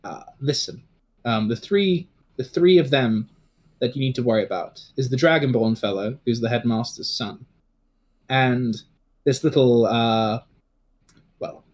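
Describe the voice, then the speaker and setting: A man voicing a scheming older male official in a tabletop game, low and confiding. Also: measured pace, a little mellow, natural voice.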